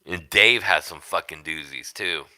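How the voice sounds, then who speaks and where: A man's voice: sits low, a little slow, sharp tone. A middle-aged man hosting a casual livestream from home, telling rambling, profane stories and laughing often. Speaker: livestream host.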